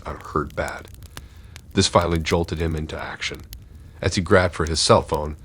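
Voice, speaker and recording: A man reading horror stories aloud in a steady, dark scripted narration. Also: a bass voice, husky.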